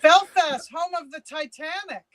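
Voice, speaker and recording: Woman host, high voice, slow and playful, dry video-call sound. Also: no room sound, low-quality recording. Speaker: podcast host. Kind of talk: casual chat.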